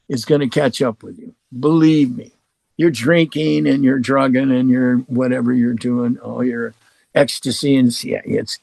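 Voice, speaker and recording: Gravelly man telling a story. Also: mid-range voice, a little mellow, dry recording. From Oregon, United States. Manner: swears freely, acts out both sides of conversations. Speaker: guest musician. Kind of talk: casual storytelling.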